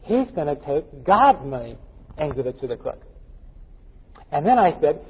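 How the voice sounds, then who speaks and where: A man's voice: fairly high pitch, very animated, unhurried, long pauses, husky. A male pastor preaching a folksy, joking sermon full of anecdotes, recorded in a dull, echoey church hall. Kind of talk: storytelling sermon.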